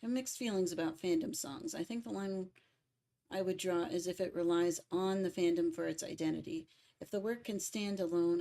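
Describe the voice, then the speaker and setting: Woman, young adult, slightly low voice, casual stream chat, firm strong opinions. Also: gravelly, dark tone. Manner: opinionated, emphatic about word stress. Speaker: music cover artist streaming.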